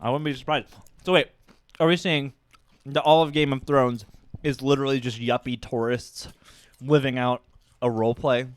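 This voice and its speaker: A man's voice: medium pitch, fairly even intonation, moderate pace, long pauses, smooth, dry recording. A man co-hosting a live stream, joking around and reading viewer comments aloud in a casual way.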